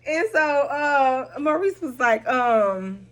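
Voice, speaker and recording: A woman with a slightly high voice gives a casual spoken recap of a drama episode. She is animated and blunt, drops profanity freely and laughs often as she tells it. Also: slow.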